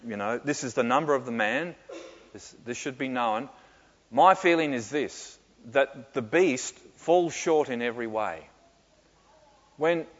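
A man answering questions in a sermon, reflective and often pausing with fillers and soft laughs. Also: mid-range voice. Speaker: pastor. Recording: muffled with long hall reverb.

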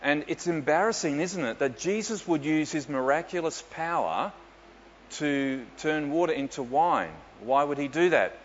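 A man's voice: fairly high pitch, expressive, normal speed, a little hiss or hum. A man, a pastor telling stories with dry humour in a sermon. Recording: dull echoey hall with faint ambience.

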